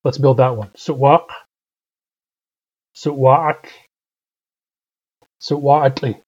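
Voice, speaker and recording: A man's voice: medium pitch, fairly even intonation, very slow, darkish tone, slightly rough, highs cut off. A man teaching a language class, explaining words and sentences patiently and methodically. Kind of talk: online language lesson.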